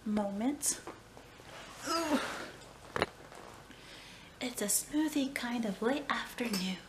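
A woman's voice: fairly high pitch, expressive, slow pace, long pauses, echoey room, noisy background. A woman chatting casually to her phone camera at home, tired and a little out of breath, with playful dramatic sighs. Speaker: vlogger. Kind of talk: casual vlog chat. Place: home kitchen. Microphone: phone on a selfie stick.

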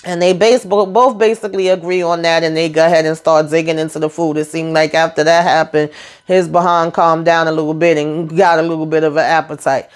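A woman's voice: sits low, fairly quick. Chatty, blunt woman recapping a TV episode. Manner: chatty, animated, talks straight to the characters; frank and blunt, with mild swearing. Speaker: TV episode reviewer.

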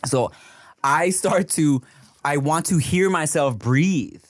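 A man's voice: on the high side, slow, no echo, clean studio sound. A man co-hosting a casual podcast, telling stories with lots of laughter and swearing. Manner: laughs a lot, swears freely, animated storytelling. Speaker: podcast co-host.

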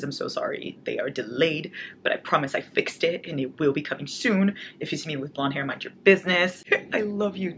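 Young woman book vlogger, gushing and excitable, slightly low voice, audible background noise. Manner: gushing, excitable, reads notes aloud. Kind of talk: casual unboxing chat. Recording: noisy home recording.

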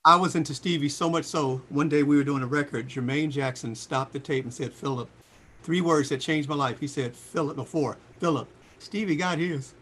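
A man in his sixties, a singer, telling lively stories in a casual interview and jumping into high voices for quotes. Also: fairly quick. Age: 60s. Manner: animated storyteller, jumps into high voices for quotes. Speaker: singer and guest.

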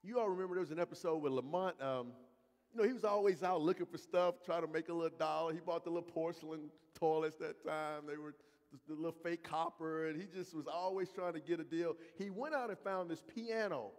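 Pastor preaching in a reverberant church. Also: male voice, a little high. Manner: preaching with emphatic slow repetition and call-outs to the congregation. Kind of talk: sermon. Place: church sanctuary.

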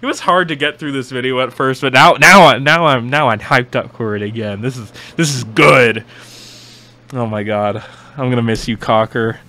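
A young man hosting a casual reaction video, excitable and rambling, swearing often with many restarts. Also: medium pitch, normal speed.

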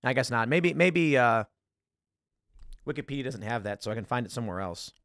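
A man's voice: mid-range voice, animated, a little fast, fairly bright tone, no echo. A man hosting a casual talk show, rambling about films while searching online and acting out lines. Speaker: podcast host. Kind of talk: casual commentary.

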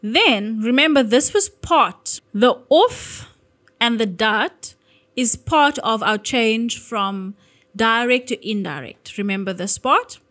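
A woman gives an online grammar lesson in a somewhat high voice. She stays upbeat and walks through each step aloud. Now and then she corrects herself mid-sentence. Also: animated, slow, a bit bright. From South Africa. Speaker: teacher.

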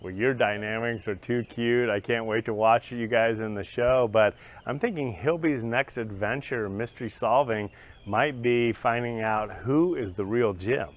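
A man interviewing in a cheery, complimentary way. His voice is mid-pitched, and the recording sounds slightly dull and lo-fi. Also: a little slow. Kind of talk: casual promotional interview. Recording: dull lo-fi audio.

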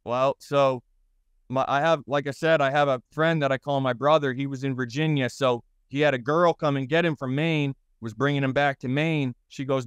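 A man in his thirties with a Boston accent, a guest telling his stories in a blunt, rambling and profane way, with halting restarts. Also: medium pitch, steady tone, smooth, dry recording. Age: 30s. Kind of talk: interview storytelling.

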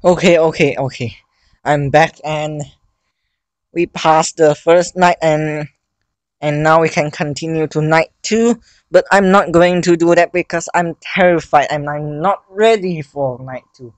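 A male gaming host playing a horror game, panicking, yelping and pleading over and over, with high frightened cries. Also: measured pace, dry recording, rough recording. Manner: panicky, yelps and pleads repeatedly. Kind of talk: horror game let's play.

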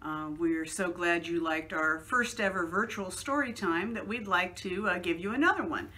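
A woman's voice: fairly low pitch, moderate pace, pushed and bright. A woman, a children's librarian, reading a picture book aloud for storytime.

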